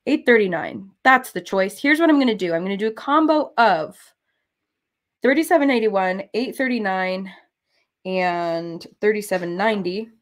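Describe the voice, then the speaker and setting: A woman's voice: medium pitch, normal speed. Chatty woman stitching and rambling. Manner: chatty, rambling onto side topics. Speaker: cross-stitch designer and streamer. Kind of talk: casual chat while stitching.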